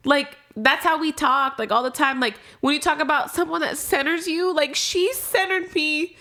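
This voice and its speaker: A frank young woman talking as a podcast guest, her voice sitting a touch higher than most. She speaks casually and curses freely. She often trails off and starts her sentences over. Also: normal speed, hardly any pauses, pushed and bright. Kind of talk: candid conversation about grief.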